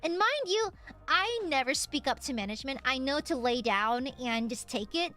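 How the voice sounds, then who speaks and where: A woman streamer chatting casually, her high voice leaping all over as she tells an animated story and swears freely. Soft music plays faintly behind her. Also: moderate pace. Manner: swears casually, lots of fillers.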